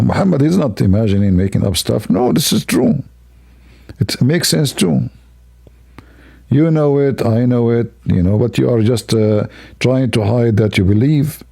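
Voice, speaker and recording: A man's voice: fairly low pitch, vocal fry, dark tone, husky. A man hosting a livestream, talking in a sarcastic, rambling, mock-admiring way. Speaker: livestream host. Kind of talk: mocking livestream commentary.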